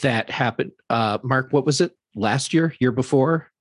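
A man co-hosting a casual panel discussion, giving measured, thoughtful analysis with some restarts. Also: mid-range voice, no room sound.

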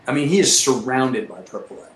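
A man telling profane, animated war stories as a former military pilot, acting out what people said. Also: medium pitch, fairly quick. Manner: profane, animated, acts out quotes. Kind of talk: casual storytelling chat. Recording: echoey room with faint noise.

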